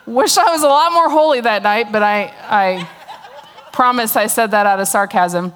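A woman's voice: fairly high pitch, moderate pace, fairly bright tone. A middle-aged woman giving a humorous testimony talk to a church audience, telling a story with sarcastic asides and frequent laughter. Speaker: speaker at a church gathering.

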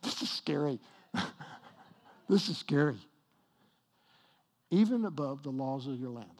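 A man preaching a sermon as pastor, emphatic, slowing down on key points and joking with the congregation. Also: a little high, animated, a little mellow. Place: church with congregation.

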